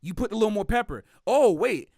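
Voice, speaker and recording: Animated high-voiced man, dry sound. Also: a little fast, no room sound. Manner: animated, laughs often, slangy rhetorical questions. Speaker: jazz saxophonist. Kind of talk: casual opinionated talk to an audience.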